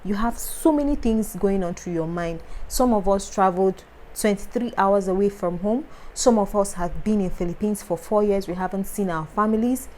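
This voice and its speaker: Young Nigerian woman, earnest advice vlogger, emphatic and repetitive, mid-pitched voice. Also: moderate pace, darkish tone, a little hiss or hum, poor audio. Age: young adult. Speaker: foreign medical student vlogger. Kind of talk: advice talk to camera.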